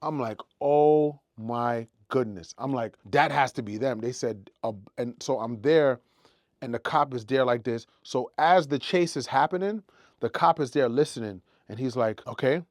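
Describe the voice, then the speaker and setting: A man's voice: mid-range voice, normal speed, no echo. A man recounts a personal story in a loose, casual storytime manner. He acts out the moments as he goes, his voice in a middle register. The sound is dry and close, with no room around it. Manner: animated storytelling, acts out his own panicked shouts.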